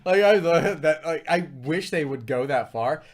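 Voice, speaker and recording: A man's voice: fairly high pitch, expressive, normal speed. Rambling man chatting on a livestream. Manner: rambling, self-deprecating storytelling with many fillers. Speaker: co-host of a food review livestream. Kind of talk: casual live-stream chat.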